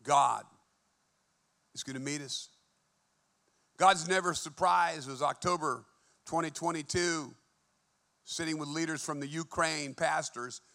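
A man preaching a fervent sermon in a church, moving between hushed and emphatic delivery. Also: on the high side, a little slow, creaky, pauses often. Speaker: pastor.

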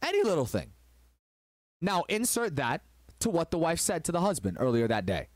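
A man's voice: on the high side, huge pitch swings, moderate pace, long pauses, no room sound, studio quality. A man hosting a relationship advice talk, telling a story in an emphatic, preachy way.

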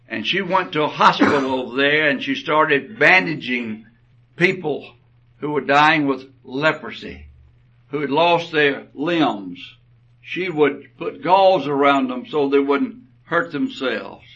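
A man preaching a sermon, telling stories slowly and deliberately, his phrases often trailing off softly. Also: mid-range voice. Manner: slow, deliberate storytelling with soft trailing phrases. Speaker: pastor. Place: church. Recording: dull, distant church recording.

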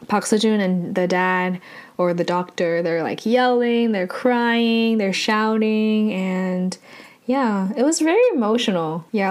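Chatty woman recapping a drama. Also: fairly low pitch. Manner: chatty, heavy filler "like", self-correcting. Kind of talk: casual spoken recap.

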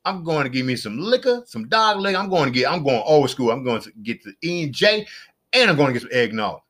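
A fast-talking middle-aged man with a mid-range voice runs a casual solo podcast. His chatty, rambling talk circles back over the same points and leaps up into excited exclamations.

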